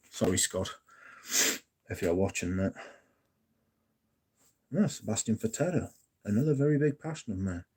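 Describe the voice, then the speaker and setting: A man's voice: fairly low pitch, moderate pace, long pauses, dark tone, husky. A young man hosting a casual live stream, chatting in a jokey way and reading out messages from the chat. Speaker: livestream host.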